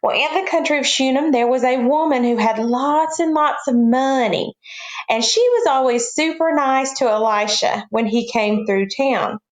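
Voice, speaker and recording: A woman teaching a children's Bible class, telling a story in an animated way and asking the kids questions. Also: high voice, moderate pace, echoey room.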